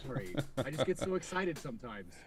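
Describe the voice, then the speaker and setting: A man's voice: a little high, sing-song. A man who is a voice actor, chatting casually in a playful, joking way. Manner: playful and joking, quick to laugh. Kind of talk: casual chat.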